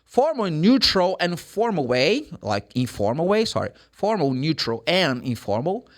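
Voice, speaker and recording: An English teacher, his voice sitting a bit higher than most men's and swinging widely in pitch. He drills phrases emphatically in a lively online lesson. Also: unhurried. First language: Portuguese. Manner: animated, emphatic, repeats example phrases.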